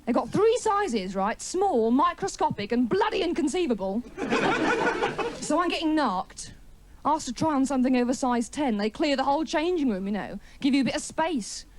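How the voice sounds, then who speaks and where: A woman does stand-up in a TV studio, chatty and mocking. Her voice sits a little high and swings widely in pitch. A faint hiss from an old 1980s broadcast runs underneath. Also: big pitch swings, moderate pace. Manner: wry, chatty, mocking, with a live audience laughing. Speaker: stand-up comedian. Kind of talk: stand-up comedy routine. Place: TV studio with a live audience.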